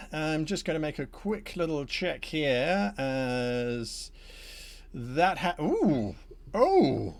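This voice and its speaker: A man's voice: on the high side, sing-song, very slow. A man narrating as game master for a tabletop game, playful and chuckling as he tells the story.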